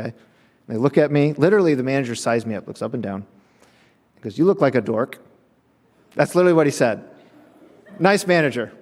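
Animated preacher telling a story. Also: male voice, medium pitch, big-room sound. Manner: animated storytelling, acts out voices, laughs often. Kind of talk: sermon with a personal story.

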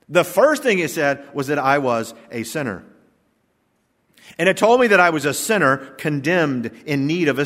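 A man's voice: mid-range voice, fairly bright tone. A male pastor giving a sermon, preaching emphatically with joking asides in a church sanctuary. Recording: long reverb of a church hall.

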